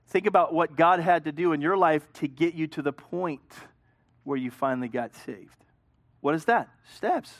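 A man pastor preaching a sermon, swinging between loud emphasis and hushed storytelling. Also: fairly high pitch, no room sound, clean studio sound.

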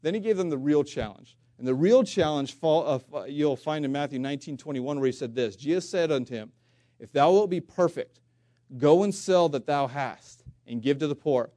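A man preaching a sermon in a mellow, relaxed tone, close and dry with little room sound. He talks earnestly to his congregation, asks rhetorical questions and restarts his phrases. He lifts his voice when he reads old-fashioned scripture. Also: mid-range voice, no echo. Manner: reads scripture aloud in King James wording, louder and slower.

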